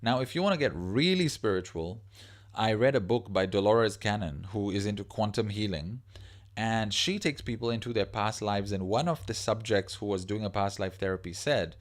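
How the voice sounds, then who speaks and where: A man's voice: on the low side, normal speed. A man hosting a livestream, talking casually and rambling, reading viewer comments aloud as he goes. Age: adult parent of a young child. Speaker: livestream host.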